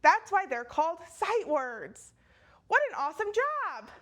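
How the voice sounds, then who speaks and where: A woman teaching a children's phonics lesson, cheerful and clearly enunciating each word for young learners. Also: very high-pitched, big pitch swings, measured pace, a bit bright.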